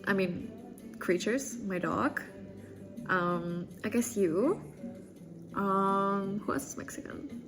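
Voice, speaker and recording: Woman streamer just chatting, joking around and laughing a lot, mid pitch, faint music underneath. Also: takes it slowly, long pauses. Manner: playful and joking, often breaking into laughter. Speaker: livestreamer. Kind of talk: casual chat reading viewer comments.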